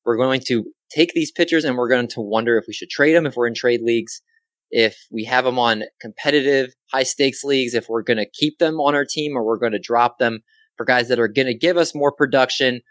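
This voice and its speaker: A man's voice: mid-range voice, fairly bright tone, dry recording. Upbeat man hosting a sports podcast. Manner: upbeat, self-deprecating, quick asides. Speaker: podcast host. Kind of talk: solo sports podcast chat.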